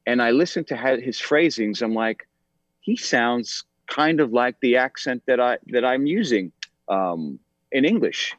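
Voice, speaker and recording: A man's voice: medium pitch, animated, unhurried, dry recording. A man in his forties talking as an actor and podcast guest in a casual interview, thoughtful, with many ums and restarts. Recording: dull, slightly lo-fi sound.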